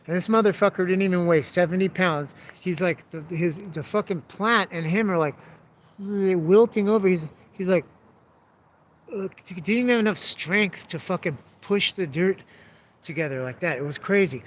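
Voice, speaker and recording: A man's voice: sits high, moderate pace. A man telling a story casually, swearing freely and calling the listener dude and bro. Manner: profane, laid-back, peppered with "dude" and "bro".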